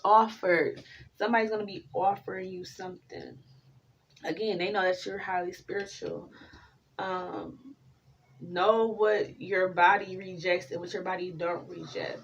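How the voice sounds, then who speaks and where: A woman rambles through a casual tarot reading, swearing constantly and wandering into lively tangents. She sits a little away from the microphone. The sound is muffled, with a faint hiss behind her. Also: fairly low pitch, measured pace, far from the mic. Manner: profane, rambling, animated storytelling. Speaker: tarot reader.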